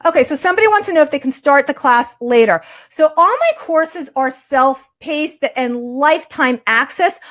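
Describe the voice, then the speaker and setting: High-voiced New York woman teaching art. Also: a bit bright. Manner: upbeat, chatty, answers questions quickly. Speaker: art teacher hosting a webinar. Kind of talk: live webinar Q&A.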